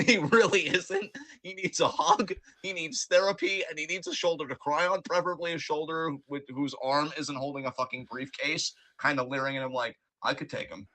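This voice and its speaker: A man co-hosting a wrestling podcast in casual chat, his voice bright and ringing. He rants with profane, animated mock outrage, pitched a little above the usual male range. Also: moderate pace. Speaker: podcast co-host.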